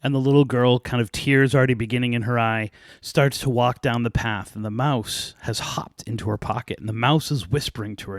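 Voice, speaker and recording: A man hosting a podcast, casually retelling a folk tale with lively asides and light laughs. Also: mid-range voice, fairly quick, dry recording, clean studio sound. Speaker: podcast host.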